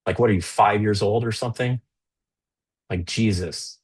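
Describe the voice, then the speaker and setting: Male live-stream trading host, low and slightly husky, loose conversational delivery with frequent restarts. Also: steady tone, quick pace. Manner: conversational, with many fillers and restarts; stern and scolding toward a rude chatter. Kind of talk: live-stream market commentary.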